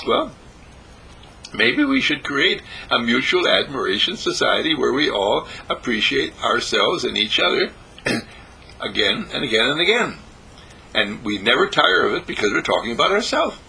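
Bright-voiced spiritual teacher, lively cadence. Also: male voice, medium pitch, moderate pace, vocal fry, husky, poor audio. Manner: gentle, repetitive, sing-song emphasis. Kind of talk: spoken meditation talk. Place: monastery breakfast table.

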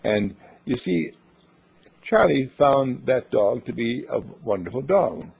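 An older man delivers a homespun sermon built from everyday stories, earnest and plainspoken with small hesitations. His voice is husky and gravelly. The recording has a dull, lo-fi sound. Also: medium pitch, lively intonation, takes it slowly. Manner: folksy and earnest, hesitant with uhs, acts out quoted voices.

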